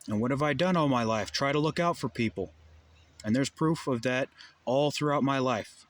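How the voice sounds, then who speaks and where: A man's voice: mid-range voice, moderate pace. A young adult man delivering a heated, profane monologue full of rhetorical questions. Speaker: vlogger. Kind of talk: ranting monologue.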